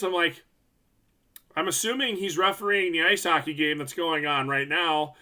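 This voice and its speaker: A man, a hockey referee co-hosting a casual podcast, telling animated stories and acting out quotes. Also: fairly high pitch, normal speed. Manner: animated storyteller, acts out quotes. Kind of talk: casual chat.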